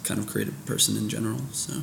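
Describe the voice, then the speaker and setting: A man's voice: fairly low pitch, steady tone, racing, vocal fry, roomy sound, slight background noise. A man, a photographer and filmmaker talking as a podcast guest in an easygoing, self-deprecating way. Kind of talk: casual interview chat.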